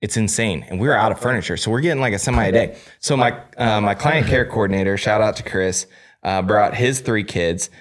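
A man's voice: lowish voice, a little fast. A middle-aged man, a guest on a podcast, talking candidly in a casual, self-deprecating way with frequent fillers. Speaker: guest, staging company owner.

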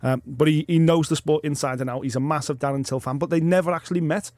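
A man co-hosts a casual podcast with quick, keen delivery. His voice sits a little high for a man and the recording is dry and close. He throws in the odd swear. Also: fairly even intonation, a little mellow, no room sound. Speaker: podcast co-host. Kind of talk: casual chat.

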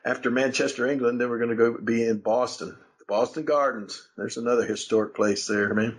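Husky older man telling stories. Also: medium pitch, steady tone, fairly quick, low-quality recording. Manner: rambling, laughs often, many restarts. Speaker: podcast host, wrestling legend. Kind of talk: casual storytelling chat.

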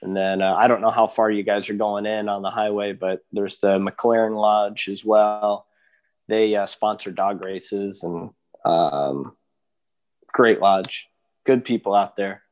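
A man's voice: lowish voice, unhurried. A man from Alaska, a dog musher, chatting as a guest in an easygoing, rambling way with lots of fillers. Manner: relaxed, rambling with many fillers. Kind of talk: casual interview chat.

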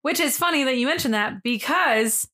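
High-pitched and animated, with a sharp tone, a young podcast co-host chats her way through a history story at normal speed. Her talk is sprinkled with lots of "like."

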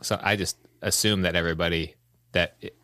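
Podcast co-host guy, lowish bright voice, always agreeing, dry close mic. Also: steady tone, fairly quick, no echo. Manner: laughs along often, agreeable. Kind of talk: casual chat.

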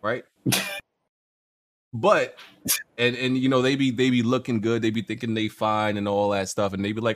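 A man's voice: lowish voice, flat delivery, normal speed. A young man hosting a casual gaming podcast, telling stories with lots of slang and repeated words. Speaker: podcast host.

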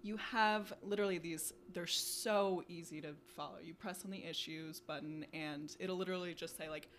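A young woman co-hosting a podcast in casual chat, talking quickly with lots of fillers like "you know" and "like". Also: on the low side, steady tone, slight background noise. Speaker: podcast co-host.

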